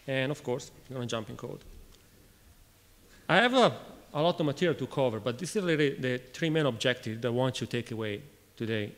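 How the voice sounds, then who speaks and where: A man from Italy with an Italian accent gives a technical conference talk in a halting way, restarting phrases and questioning the audience. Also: mid-range voice, animated, a bit bright. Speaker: conference speaker. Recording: reverberant lecture hall.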